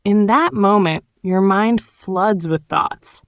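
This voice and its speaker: A woman giving a scripted, encouraging English lesson in a calm, clearly enunciated way. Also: mid-range voice, takes it slowly, no echo, studio quality. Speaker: English teacher. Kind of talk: scripted motivational narration.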